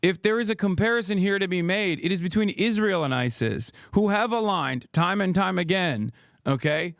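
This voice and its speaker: A man in his thirties delivers a heated political rant on a livestream, swearing freely and firing off sarcastic rhetorical questions. His voice sits high for a man. The sound is dry and close, with no room echo. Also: expressive, normal speed, gravelly, a bit bright. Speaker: streamer, political commentator. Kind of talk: ranting livestream commentary.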